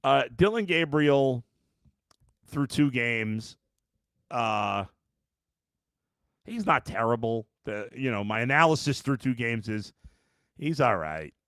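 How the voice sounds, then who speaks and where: A man's voice: mid-range voice, expressive, takes it slowly, long pauses, fairly bright tone, smooth, no echo, clean studio sound. A man hosting a sports podcast after a game, ranting in an exasperated way and reading out chat comments. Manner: ranting, exasperated, with many restarts. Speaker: podcast host.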